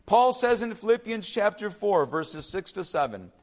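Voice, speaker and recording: A man preaching a sermon, swinging between loud urgent passages and soft hushed ones. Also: high-pitched, sing-song, moderate pace. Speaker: pastor.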